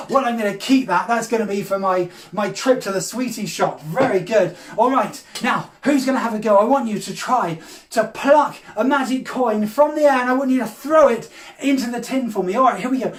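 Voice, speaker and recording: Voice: medium pitch, fairly quick, recorded from a distance. Kids' magician, big gasps and hammy surprise, off-mic in an echoey room with faint hiss. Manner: exaggerated gasps and cries of surprise; talks straight to children as boys and girls. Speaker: children's magician. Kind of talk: lively kids' magic show patter. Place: room at home during lockdown.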